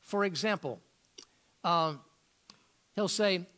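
A man's voice: high voice, takes it slowly, bright, forceful tone. A man preaching a sermon as a pastor, firing off rhetorical questions and often repeating words as he searches for the next thought.

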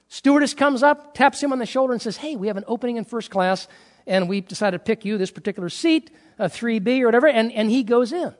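High-voiced preacher in a reverberant hall. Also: male voice, fast. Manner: animated storytelling, acting out dialogue, swings from loud to quiet. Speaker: pastor. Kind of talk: sermon.

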